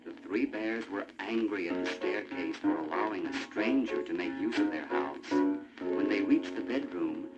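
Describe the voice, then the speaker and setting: A man narrating a storybook in an animated, expressive way. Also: sits low, normal speed. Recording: muffled old vinyl with music.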